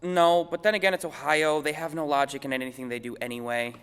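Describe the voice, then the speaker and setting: A young man hosting a comedic news parody, with deadpan wisecracks in a mock-anchor delivery. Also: on the high side, fast talker, smooth, big-room sound. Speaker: segment host.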